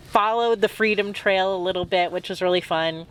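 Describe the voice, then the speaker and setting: A woman's voice: on the low side, steady tone, brisk, hardly any pauses, a little hiss or hum, low-quality recording. A woman recapping her travels in a casual, rambling way, full of "um"s and "like"s. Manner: chatty and rambling, with many "um"s and "like"s. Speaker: travel vlogger.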